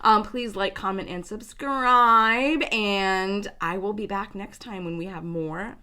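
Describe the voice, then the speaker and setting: A woman's voice: medium pitch, slow pace, sharp tone. A woman hosting a reaction commentary video, laughing hard and swearing freely as she talks. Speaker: commentary channel host.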